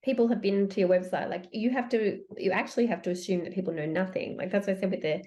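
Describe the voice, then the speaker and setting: A woman talking as a guest on a podcast, giving branding advice in a chatty, animated way with quick restarts. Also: medium pitch. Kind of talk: casual podcast chat.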